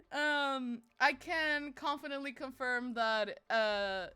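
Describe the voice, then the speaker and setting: A woman's voice: fairly high pitch, bright, forceful tone. A woman streamer chatting casually with her friends and viewers, giggly, playful and teasing. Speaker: live streamer. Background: faint music playing.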